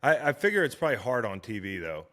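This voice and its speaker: A man hosting a podcast, chatting in a relaxed, agreeable way with halting restarts. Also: medium pitch. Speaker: podcast host. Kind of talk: casual conversational interview.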